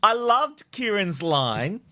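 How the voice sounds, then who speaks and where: A man's voice: sits high, sing-song, slow pace, sharp tone. A man hosting a casual recap chat show, playful and gushing with compliments. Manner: gushing and playful, hands over to clips. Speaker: podcast host.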